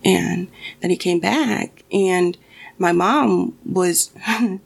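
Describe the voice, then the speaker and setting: A woman's voice: on the low side, extremely slow, creaky. A young woman telling a personal story casually, swearing often and restarting her sentences. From Mexican family.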